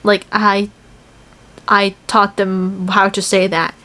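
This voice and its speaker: A woman's voice: medium pitch, slow pace. A young woman from the United States talking casually about her year teaching English in Korea, telling stories in a chatty way with lots of "like" fillers. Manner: chatty, many "like" fillers, animated storytelling. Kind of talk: casual vlog chat.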